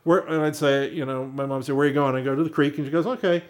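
A man's voice: mid-range voice, level tone, racing. A middle-aged American man in casual chat, telling long stories with many restarts and fillers. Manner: rambling storyteller with many restarts.

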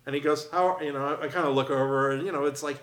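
A man in casual chat, telling anecdotes in an animated way. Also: medium pitch, rapid-fire. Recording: echoey room.

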